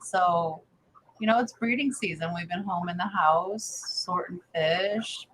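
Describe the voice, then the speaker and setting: A woman's voice: on the low side, a little slow, a bit bright, low-quality recording. Giggly chatty woman host. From Wisconsin. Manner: giggly, chatty, reads out viewer names. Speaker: co-host of a fish-keeping livestream. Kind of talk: casual chat.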